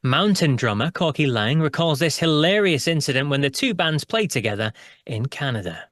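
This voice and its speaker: A male host introduces interview clips in an upbeat presenter manner. His voice sits slightly high, and the sound is dry and close. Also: expressive, moderate pace, fairly bright tone, no room sound. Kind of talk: scripted narration and interview.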